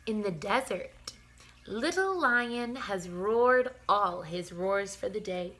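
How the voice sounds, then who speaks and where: A woman teacher reading a bedtime picture book aloud to young children, gentle and playful, with soft sighs and yawns. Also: medium pitch, sing-song, a little slow.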